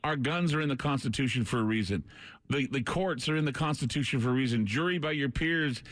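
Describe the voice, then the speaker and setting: A man's voice: medium pitch, brisk, fairly bright tone, dry recording. A man hosting a talk radio show, speaking in an earnest, preaching manner into a close studio microphone. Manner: earnest, preaching delivery, briefly choked up. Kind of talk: late-night talk radio.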